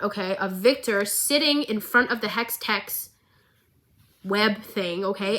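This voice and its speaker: Female vlogger, bright voice, excitable, recap commentary. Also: a little high. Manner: excitable and gushing, with quick asides.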